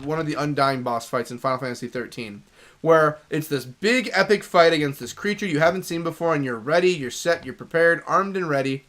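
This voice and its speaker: A young man commenting on his own video game stream in a loose, rambling way, breaking now and then into excited outbursts. His voice is a touch higher than most men's, bright and forceful. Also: fairly quick. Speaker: gaming streamer. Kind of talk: casual let's-play commentary.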